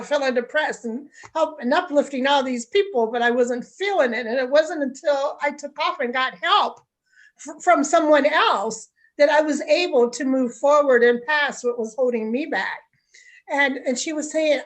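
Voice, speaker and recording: High-voiced woman coach telling a story. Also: a little slow, poor audio. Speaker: guest, coach working with clients. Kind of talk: interview, telling a client story.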